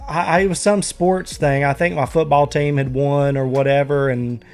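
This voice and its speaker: Gravelly young Appalachian man chatting. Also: a little high, fairly even intonation, moderate pace, a little mellow, soft background music. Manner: laid-back, crude joking. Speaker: host. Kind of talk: casual chat.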